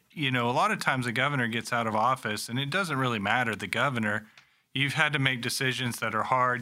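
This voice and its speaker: Man, co-host, sincere, halting with fillers, very bright tense tone. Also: mid-range voice. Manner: warm, hesitant with fillers. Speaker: podcast co-host. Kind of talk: conversational interview.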